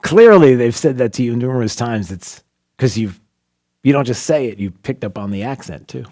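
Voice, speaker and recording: A man's voice: medium pitch, expressive, moderate pace, a little mellow. A man hosting a talk radio show, asking rhetorical questions and pressing his points with emphasis. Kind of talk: opinionated talk radio monologue and banter.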